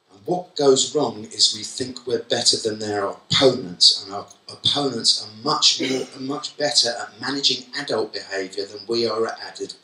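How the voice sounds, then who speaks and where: A man delivers a lively, comic keynote to a room of teachers. His voice is very bright and cutting. He is picked up from a distance in an echoey conference hall. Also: medium pitch. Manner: comic, animated storytelling. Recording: echoey hall, mic from far off.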